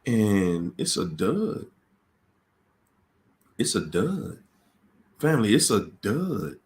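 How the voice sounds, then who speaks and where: A man's voice: on the low side, very animated, slow. A man hosting a live question-and-answer stream, talking casually and dramatically, repeating phrases for emphasis and acting out voices in quoted dialogue. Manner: casual and conversational. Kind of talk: livestream talk on relationships.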